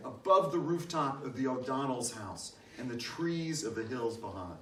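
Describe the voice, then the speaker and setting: An older man reads a memoir aloud to a gathering, letting his pitch rise and fall freely as he tells it. His voice carries from a little way off the mic in an echoey church hall, with a faint hiss behind. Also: animated, moderate pace, a bit bright, distant mic. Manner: reflective, storytelling delivery. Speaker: reader at a church Christmas program. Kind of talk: reading a personal essay aloud. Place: church meeting house.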